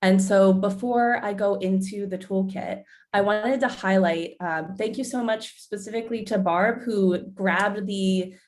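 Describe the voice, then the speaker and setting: A woman's voice: mid-range voice, steady tone, measured pace, hardly any pauses, darkish tone. A woman presenting on a webinar video call, speaking earnestly and gratefully.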